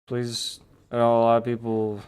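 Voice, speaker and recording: A man's voice: medium pitch, monotone, normal speed, darkish tone, clean tone. A man chatting casually and rambling with jokes while drawing on a stream, thinking aloud.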